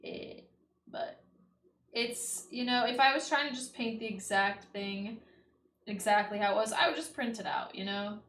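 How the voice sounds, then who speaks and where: A woman's voice: medium pitch, moderate pace, fairly bright tone. Chatty young woman streamer, echoey room. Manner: rambling, lots of "like" and "you know". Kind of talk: casual chat while painting on stream. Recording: echoey room with faint ambience.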